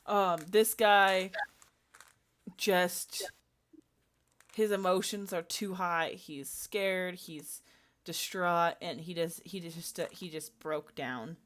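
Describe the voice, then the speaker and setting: Slow, halting woman game master. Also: on the low side, a bit bright. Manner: halting, many fillers. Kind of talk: narrating a tabletop game.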